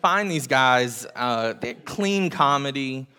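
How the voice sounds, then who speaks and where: A man's voice: medium pitch, expressive, slow, sharp tone, clean tone. A man leading a church gathering, talking casually to the congregation with self-deprecating jokes, many fillers and restarts. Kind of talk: casual joking talk to a congregation. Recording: reverberant hall sound.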